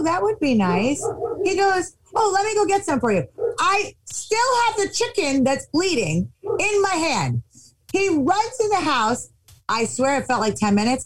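Woman telling a wild backyard story, high voice swooping all over, acts out every quote. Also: low-quality recording. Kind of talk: casual anecdote.

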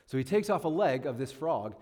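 A man's voice: fairly high pitch, sing-song, fairly quick, darkish tone. A man in his thirties giving a casual sermon-style talk as a guest speaker, chatty and self-deprecating, often checking in with listeners. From northern New York State. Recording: long hall reverb.

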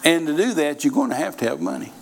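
A man's voice: fairly high pitch, sing-song, fast talker, vocal fry. A middle-aged man preaching a sermon, telling folksy stories and repeating phrases for emphasis.

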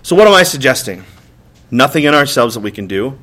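His mid-range, fairly bright voice swings widely in pitch as this man preaches briskly to a church congregation. As pastor he stays conversational, acting out exasperated outbursts and frequently using repeated words and rhetorical "right?" questions.

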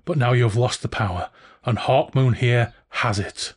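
A man's voice: mid-range voice, normal speed, slightly rough, lightly acted. A man reading aloud and voicing a mysterious armoured warrior with a dry, sardonic delivery.

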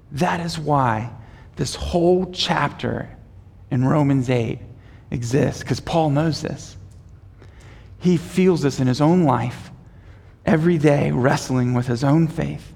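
A man with a high, unhurried voice preaches a sermon in a church sanctuary. He moves from hushed, measured lines to loud, rising emphasis and has the congregation repeat phrases after him. A long reverb from the big room trails behind every phrase. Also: creaky, husky. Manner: preaching with swells from quiet to loud, leading the congregation in responses. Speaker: pastor. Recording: long reverb of a large hall.

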